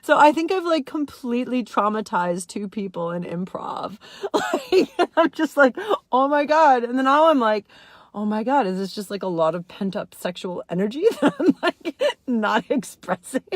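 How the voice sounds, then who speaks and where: Giggly high-voiced woman vlogger. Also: moderate pace, dry recording, clean studio sound. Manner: giggly, says "like" constantly, swings high when excited. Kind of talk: casual personal storytelling.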